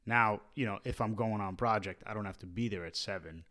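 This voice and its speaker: A man's voice: lowish voice, brisk, pushed and bright. A man co-hosting a podcast about fatherhood, chatting in a laid-back way with short quips and easy laughs. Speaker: podcast co-host. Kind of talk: casual chat.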